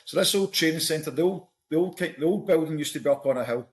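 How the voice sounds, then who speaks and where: Scottish man telling lively anecdotes. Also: a little high, fast. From Scotland. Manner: storytelling, animated anecdotes. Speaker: podcast guest. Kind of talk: casual chat.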